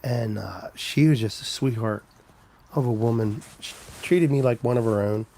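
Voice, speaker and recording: A man's voice: mid-range voice, normal speed, gravelly, warm tone. Rambling man chatting on a live stream. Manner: rambling storyteller, answers viewers' comments. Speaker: trucker livestreaming, reading chat. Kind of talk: casual live-stream chat.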